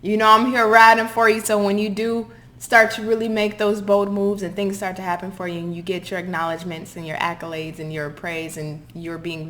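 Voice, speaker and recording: A woman's voice: lowish voice, a bit bright, slight background noise. A woman giving a channeled pick-a-card tarot reading, talking emphatically and passionately, cursing now and then. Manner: passionate, emphatic, swears and apologizes; acts out quoted people in mocking voices. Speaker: tarot reader.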